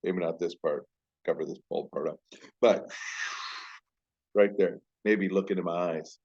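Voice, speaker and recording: A man who teaches high school, talking casually to camera in a rambling, self-deprecating way. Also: steady tone, normal speed, gravelly, muffled recording. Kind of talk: casual vlog talk.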